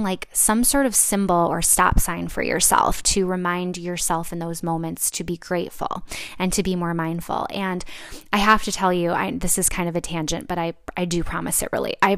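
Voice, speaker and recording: A woman's voice: medium pitch, clean tone, no echo, clean studio sound. A young adult woman hosting a solo podcast, talking in a reflective, chatty way with many fillers and restarts. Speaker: podcast host. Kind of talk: casual solo podcast talk.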